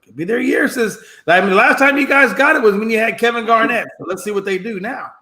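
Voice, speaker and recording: Bright, energetic sports show host. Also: male voice, very high voice, quick pace. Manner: energetic, keeps steering the talk. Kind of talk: casual sports banter. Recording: roomy echo.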